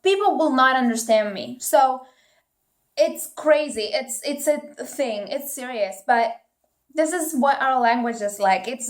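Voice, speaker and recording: A young woman from northeast Italy with an Italian accent, chatting casually to camera with lots of ums. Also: high voice. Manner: chatty, many ums and restarts. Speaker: vlogger.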